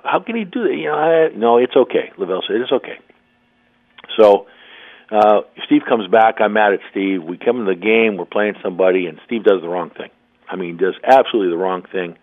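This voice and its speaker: An older former coach calls in as a guest, his voice a bit low and squeezed through a thin, tinny phone line. He rambles through his story with false starts and frequent throat clearing. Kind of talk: phone interview, telling a story.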